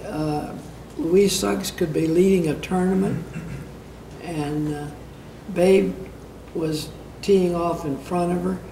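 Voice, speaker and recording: An older woman reminiscing casually as an interview guest, telling stories in an unhurried way with many fillers and soft laughs. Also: low voice. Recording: roomy, distant, noisy archival interview.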